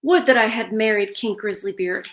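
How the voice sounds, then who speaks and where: A woman's voice: mid-range voice, normal speed, roomy sound, lightly acted. A woman voicing a spiteful, haughty young princess in a read-aloud fairytale, with a scornful, whining manner.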